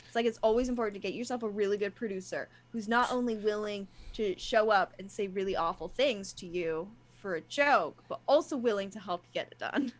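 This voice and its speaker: A woman's voice: mid-range voice, a little fast, few pauses. A young woman from England, a guest actress and producer, chatting casually on a live stream. She talks animatedly, acts out her own past conversations and often restarts her sentences.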